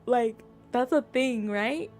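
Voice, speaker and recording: A woman's voice: on the high side, slow pace, darkish tone, soft background music. A young woman streaming a game, chatting with her viewers in a giggly, talkative way. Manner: giggly, chatty, reads chat aloud. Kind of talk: casual live game stream chat.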